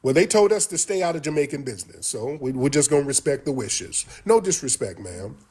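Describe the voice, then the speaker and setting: A man's voice: mid-range voice, sing-song, a little fast, a little mellow, breathy edge. A man talking on a livestream clip, blunt and dismissive, repeating himself as he answers. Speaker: livestream host. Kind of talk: livestream commentary.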